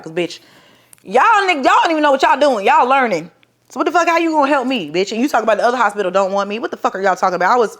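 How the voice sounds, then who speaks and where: A young woman, telling a personal story to the camera in a profane, animated way and acting out the people in it. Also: mid-range voice. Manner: profane, animated, dramatic re-enactments. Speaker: vlogger. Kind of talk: storytelling vlog.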